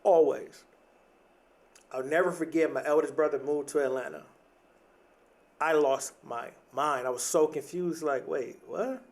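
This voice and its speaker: Earnest man, higher voice. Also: steady tone, normal speed. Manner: earnest, repeats words and restarts, says "like" and "right?" often. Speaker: podcast host. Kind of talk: reflective motivational monologue.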